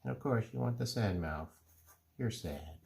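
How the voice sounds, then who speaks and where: A middle-aged man calmly explaining, step by step, how to draw cartoon faces. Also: medium pitch, creaky. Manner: relaxed, unhurried step-by-step explaining. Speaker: drawing teacher. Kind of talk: casual drawing tutorial.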